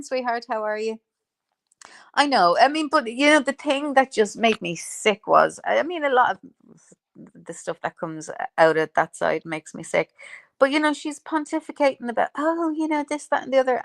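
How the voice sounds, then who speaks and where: A woman's voice: fairly high pitch, sing-song, moderate pace, creaky, dry recording, studio quality. A woman hosting a casual live stream, reading viewer comments with sarcasm, frequent swearing and laughter. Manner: sarcastic and profane, laughing often.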